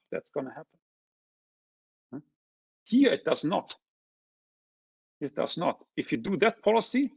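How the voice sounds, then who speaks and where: A man presenting an economics seminar, walking through a figure step by step and often checking in with a quick "huh?". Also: on the high side, creaky, husky, no echo. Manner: checks in with frequent tag questions. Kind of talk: academic lecture explaining graphs.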